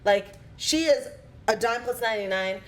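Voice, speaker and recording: Chatty woman podcaster, higher voice. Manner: animated, quick to chime in, acts out quotes. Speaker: podcast co-host. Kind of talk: casual chat.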